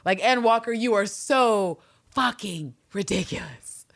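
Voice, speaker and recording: A woman co-hosting a casual podcast, reading old diary entries aloud and reacting with animated, profane outbursts. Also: mid-range voice, unhurried, no room sound, studio quality. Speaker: podcast co-host.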